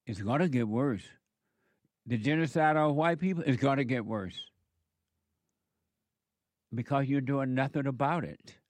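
A man's voice: mid-range voice, a little slow, pauses often, dry recording. Emphatic male talk-radio host, dry studio. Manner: emphatic, preachy, repeats phrases.

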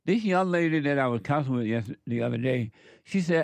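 A man's voice: mid-range voice, lively intonation, fairly quick, gravelly, dry recording. A man giving an informal spiritual talk as a counselor, blunt and emphatic, repeating words for stress.

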